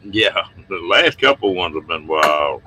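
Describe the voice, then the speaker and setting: Low-voiced folksy man hosting a chat. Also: expressive, measured pace, noisy background. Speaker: stream host. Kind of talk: casual live-stream chat.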